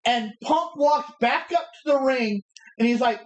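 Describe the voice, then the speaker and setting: Woman streamer excitedly recapping wrestling. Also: sits high, unhurried, echoey room, rough recording. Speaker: streamer reviewing a wrestling show. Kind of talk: casual livestream commentary.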